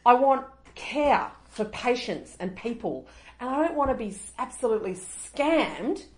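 A woman's voice: a little high, expressive, a little slow. A middle-aged Australian woman co-hosting a casual chat, ranting in exasperation and swearing freely. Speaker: podcast co-host.

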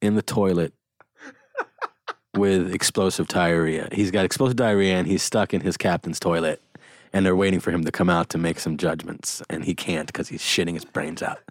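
A man's voice: low voice, fairly even intonation, normal speed, dry recording, studio quality. A man hosting a casual chat, rambling and joking with frequent laughs and swearing. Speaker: podcast host.

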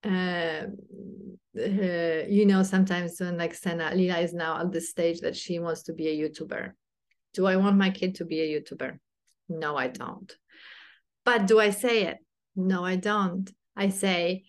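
Podcast mom, thirties, low-pitched, halting and heartfelt. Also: female voice, fairly even intonation, a little mellow. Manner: hesitant, many fillers and restarts; earnest and heartfelt. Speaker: podcast host, mother. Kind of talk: casual reflective monologue.

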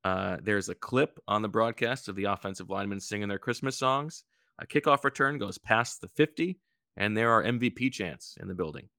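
A man's voice: on the low side, animated, fairly quick, sharp tone, dry recording, clean studio sound. A man hosting a casual podcast chat, playful, calling out bids like an auctioneer and telling jokes. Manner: playful, tells jokes, auctioneer-style calls. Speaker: podcast host running a bidding game.

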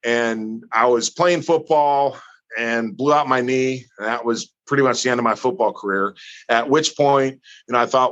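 A man's voice: mid-range voice, normal speed, highs cut off. A man from northern Missouri, a guest telling stories in a casual interview and acting out the people in them. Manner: animated storyteller, acts out others.

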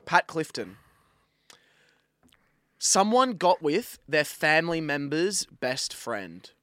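A man's voice: on the high side, slow, clean tone, no room sound. A man, co-hosting a casual podcast chat and telling stories with lots of swearing. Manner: animated storyteller, swears freely. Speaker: podcast co-host.

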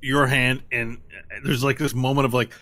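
Bright-voiced young man running a tabletop game. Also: mid-range voice, moderate pace. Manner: animated, laughs often. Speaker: game master.

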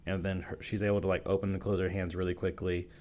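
A man's voice: low-pitched, level tone, fast, a little mellow, a little hiss or hum. A man who is a youth pastor, telling stories in a casual podcast interview, full of "like" and "you know" restarts. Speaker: youth and young adults pastor. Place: podcast recording session.

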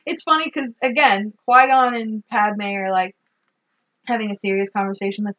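A woman co-hosting a casual movie recap, sarcastic and animated, swearing freely. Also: mid-range voice, moderate pace, lo-fi sound. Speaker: podcast co-host.

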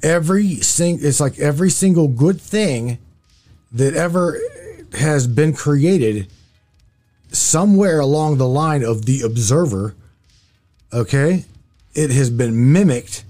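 A man's voice: a little high, expressive, takes it slowly, long pauses, dark tone, soft background music. A man hosting a casual open-line call-in show, stumbling over his words and often restarting. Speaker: radio call-in host.

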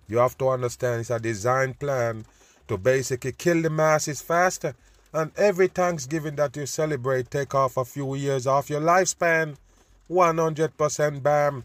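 A man at middle pitch delivers an angry, profane commentary straight into the mic. The room is dry, with no echo. He keeps hammering his listeners with the word people. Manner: loud, preachy and profane, repeatedly calling out "people". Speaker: host. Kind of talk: ranting commentary over news clips.

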